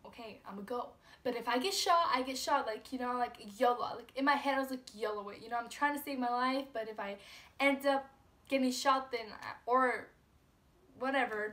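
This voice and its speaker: A woman's voice: high voice, pushed and bright. A young woman vlogger telling a personal story in a casual, filler-heavy way, full of "like" and "you know". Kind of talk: storytime vlog.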